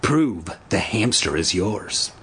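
A man voicing a smug, bullying schoolboy who talks in a slow, taunting way. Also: sits low, big pitch swings, a bit bright, slight background noise, pitched below the performer's own voice, heavily acted. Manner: taunting, drawn-out.

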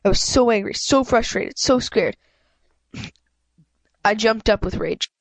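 A woman's voice: on the high side, unhurried, no room sound. A woman reading a children's novel aloud in a plain voice, often stumbling and correcting herself. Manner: plain reading with frequent slips and self-corrections. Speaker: reader of a book. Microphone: home microphone, self-adjusted.

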